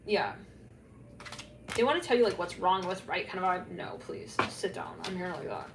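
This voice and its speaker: A woman's voice: fairly low pitch, expressive, normal speed. Woman tarot reader, loose rambling delivery, roomy echo, faint hum behind. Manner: rambling, filler-heavy, laughs at herself. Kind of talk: casual psychic tarot reading to camera. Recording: echoey room, faint background hum.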